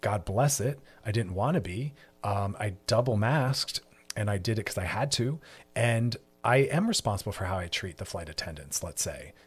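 Husky-voiced man hosting a podcast. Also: fairly low pitch, expressive, moderate pace. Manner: passionate, preachy, emphatic repetition. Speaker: podcast host. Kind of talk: monologue on mental health.

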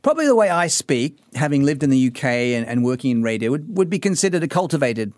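A man's voice: mid-range voice, sing-song, quick pace, darkish tone, no room sound, studio quality. A man with an Australian accent hosting a casual radio chat, explaining things with lots of fillers and restarts. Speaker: radio host. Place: radio studio. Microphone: studio microphone.

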